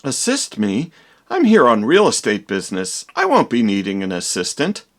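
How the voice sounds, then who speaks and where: A man's voice: mid-range voice, huge pitch swings, moderate pace, a bit bright. A man playing a vain, dramatic young doctor in a comedy parody, with theatrical, exaggerated delivery.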